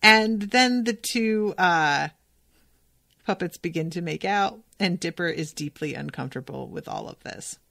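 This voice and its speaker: A woman's voice: fairly low pitch, unhurried, vocal fry, fairly bright tone, dry recording, studio quality. A woman hosting a podcast, casually recapping an episode with lots of filler words and amused asides. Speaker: podcast host recapping a cartoon.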